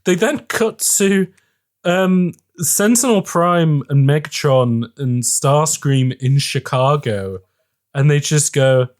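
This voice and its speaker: A man's voice: on the high side, slow pace. A man co-hosting a casual movie podcast, recapping the plot animatedly and swearing freely. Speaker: podcast co-host. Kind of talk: casual movie-review chat.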